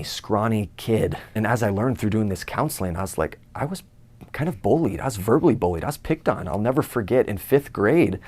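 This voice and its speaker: A young man tells his own story with earnest feeling. His low voice has a gravelly, creaky texture, and he sometimes voices his own inner thoughts. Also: darkish tone. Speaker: speaker giving a personal testimony. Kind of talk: personal testimony talk.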